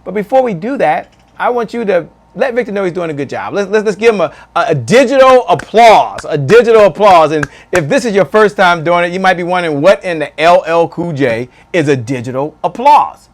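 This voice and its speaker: A man hosting a live stream, pitched high for a man, with a bouncy, hyped delivery. He keeps repeating phrases and throws in "man" all the time as he reads out viewer shout-outs. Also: brisk, hardly any pauses. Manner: energetic, hype, repeats phrases; calls people "man". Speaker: show host.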